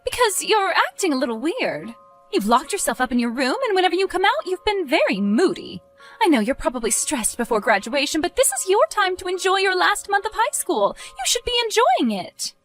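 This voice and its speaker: A woman voicing a caring mother who gently coaxes and worries over her teenage son. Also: very high voice, very animated, fairly quick, soft background music, heavily acted. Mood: concerned. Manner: gentle, coaxing, concerned.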